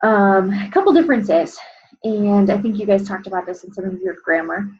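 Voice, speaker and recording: A young adult woman, a Spanish teacher, walking students through an exam review and filling pauses with frequent "um"s. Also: medium pitch, darkish tone, husky, dull audio. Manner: explanatory, many "um" fillers.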